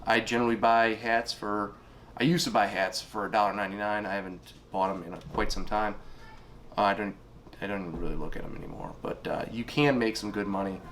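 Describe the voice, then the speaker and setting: A man's voice: fairly low pitch, steady tone, fairly quick, fairly bright tone, slight background noise. A middle-aged man casually running through items he sold online, rambling with fillers and unsure asides. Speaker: online reseller. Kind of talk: casual spoken sales rundown.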